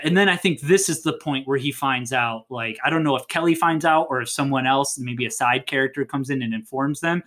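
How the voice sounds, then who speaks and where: A storyteller in casual chat, pitching a comic movie script with animated energy and sometimes correcting themselves. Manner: animated, jumps into voices, self-correcting.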